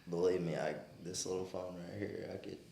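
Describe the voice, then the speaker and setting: Low gravelly man, dry teasing. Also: a little fast. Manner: dry, teasing, refuses flatly. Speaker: guest. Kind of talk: casual chat. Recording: echoey room, faint background noise.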